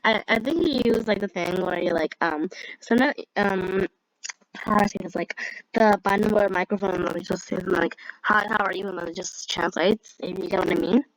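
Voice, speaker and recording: A woman's voice: mid-range voice, a little fast, rough recording. A young woman giving casual, rambling commentary while playing a game, giggling often and using lots of fillers. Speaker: gamer.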